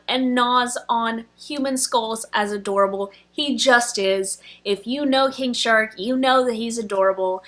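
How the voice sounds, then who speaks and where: Bright, chatty young woman film reviewer. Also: a little high. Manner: gushing, emotional, chatty with fillers. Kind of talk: casual chat.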